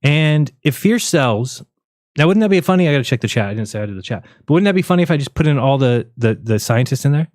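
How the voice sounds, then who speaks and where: A man's voice: medium pitch, lively intonation, fast, darkish tone, dry recording, studio quality. Man rambling on a joking livestream. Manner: rambling, joking, laughs at his own jokes. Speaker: livestream host. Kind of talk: casual rambling livestream chat.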